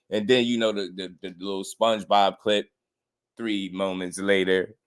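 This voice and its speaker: A young man hosting a casual boxing livestream, animated and slangy, laughing often and mimicking people. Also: deep voice, moderate pace, clean tone. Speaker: boxing commentary host.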